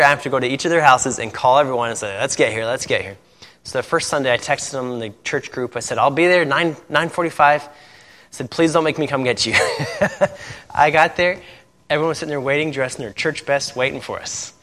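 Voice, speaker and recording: Telling stories in his sermon and laughing at them often, a missionary pastor from Indiana speaks fairly quickly in a mid-range, fairly bright voice. The recording carries the long reverb of a church hall.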